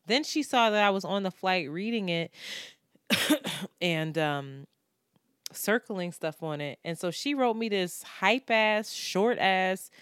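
A woman's voice: medium pitch, animated, slow, a bit bright, smooth, no echo, clean studio sound. A woman co-hosting a podcast in casual chat, teasing, laughing often and swearing freely. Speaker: podcast co-host.

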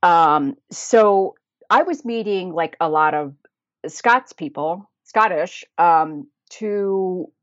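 A woman's voice: on the low side, slow, no room sound, muffled recording. An American woman chatting as a podcast guest, rambling and laughing often. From United States. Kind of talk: casual chat.

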